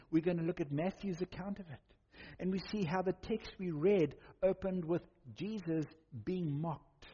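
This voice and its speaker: A man preaching a sermon, dramatic, with slow emphatic pauses. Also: high-pitched, warm tone, husky. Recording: muffled sound in a reverberant hall.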